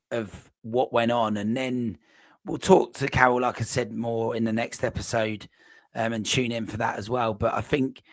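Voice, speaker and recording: A man's voice: mid-range voice, no room sound. A man hosting a podcast, enthusiastic and rambling, with plenty of fillers. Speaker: podcast host, coach. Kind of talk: casual podcast interview.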